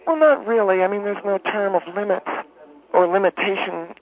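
A man voicing a pompous, self-important homeowners association president who talks in a halting monotone full of uhs, heard over a phone line. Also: sits high, voice pushed up. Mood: smug. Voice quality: monotone droning. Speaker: caller.

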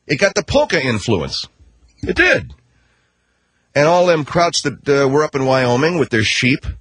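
A man's voice: fairly high pitch, sing-song, fairly bright tone, slightly rough, no echo. A man hosting a talk show, delivering a combative, sarcastic rant. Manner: combative, sarcastic, rapid ranting. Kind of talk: ranting talk-radio commentary.

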